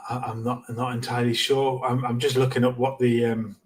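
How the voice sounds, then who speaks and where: A middle-aged man co-hosting a casual football podcast, talking earnestly with many halting repeats. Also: medium pitch, level tone. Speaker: podcast co-host.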